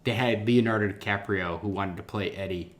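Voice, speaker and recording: A man's voice: on the low side, brisk, a crowd in the background. A man hosting a casual book-discussion podcast, enthusiastic and peppered with filler ums. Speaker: podcast host.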